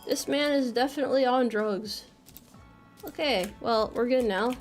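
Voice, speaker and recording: A young woman with a bright, high voice chats loosely as she plays a game on stream, teasing herself and answering chat. Her American speech is quick to joke, and faint music runs behind her. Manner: playful, self-mocking, reads chat messages aloud. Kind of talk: casual live-stream chat while gaming.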